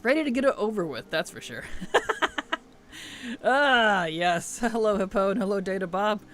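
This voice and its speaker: A man's voice: high-pitched, expressive, normal speed, a bit bright, soft background music. A man streaming a game, chatting casually, laughing often and greeting his chat as he plays. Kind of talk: casual gaming livestream chat.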